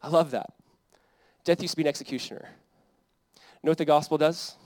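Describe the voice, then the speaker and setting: A man's voice: fairly high pitch, steady tone, a little fast, a little mellow, no room sound. A young adult man, a pastor, preaching a sermon in an earnest, conversational way that builds to emphatic peaks.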